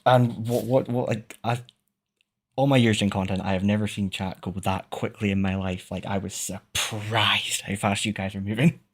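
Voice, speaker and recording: Husky Scottish man chatting on stream. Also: fairly low pitch, steady tone, normal speed. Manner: rambling, swearing, laughing often. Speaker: VTuber streamer. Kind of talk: casual live-stream chat. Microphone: streaming microphone.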